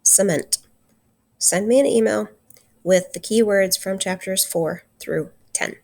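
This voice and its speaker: A woman teacher giving a recorded literature lesson, earnest and slowing down to stress key points. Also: medium pitch, vocal fry, darkish tone. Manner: earnest, slows down for emphasis.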